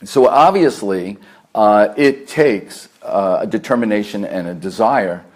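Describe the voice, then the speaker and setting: A man with a New York accent, a therapist lecturing a meditation group, earnest and deliberate, stacking repeated phrases with fillers. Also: fairly low pitch. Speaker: therapist giving a talk. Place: meditation center hall.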